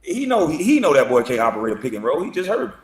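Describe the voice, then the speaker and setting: A man's voice: on the high side, big pitch swings, fast talker, echoey room, recorded from a distance. A man trash-talking in mocking video commentary, taunting his critics. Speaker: online commentator.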